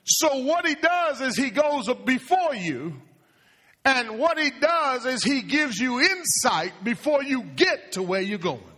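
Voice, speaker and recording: A male pastor preaches with a high, bright voice that swings widely up and down. He builds phrases into shouts and calls out to the congregation. His voice rings through a church with a long reverb. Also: big pitch swings, slow pace. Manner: impassioned preaching with call-and-response cries. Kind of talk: sermon. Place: church sanctuary.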